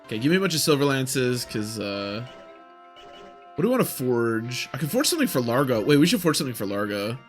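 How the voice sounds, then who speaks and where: A young man commentating on a strategy game in a casual, rambling way, thinking aloud. His voice is mid-pitched. Faint game music plays behind him. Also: sing-song, fairly quick. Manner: rambling, self-talking. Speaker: gaming streamer.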